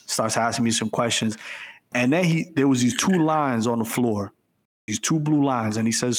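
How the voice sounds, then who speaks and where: A man's voice: mid-range voice, fairly quick. A man co-hosting a casual podcast, telling a story and acting out what other people said. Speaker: podcast co-host. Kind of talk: casual chat and anecdote.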